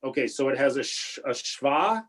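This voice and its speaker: A man leads an online Hebrew prayer class as its rabbi, heard through a video call. His voice sits at an ordinary middle pitch. He talks in a halting, patient way, stopping and restarting often as he encourages his students. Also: animated, fairly bright tone, rough recording. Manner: halting, with many restarts and fillers. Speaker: rabbi teaching a bar and bat mitzvah class.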